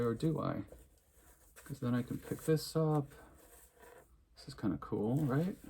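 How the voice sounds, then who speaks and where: A man's voice: mid-range voice, darkish tone, slightly rough. A man giving an unscripted crafting tutorial, chatting, thinking aloud and humming to himself as he works. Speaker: craft instructor.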